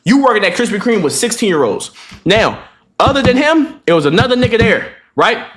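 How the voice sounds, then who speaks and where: Young man, high voice with big pitch swings, profane storyteller, story-time vlog. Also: sing-song, fairly quick, fairly bright tone. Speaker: vlogger.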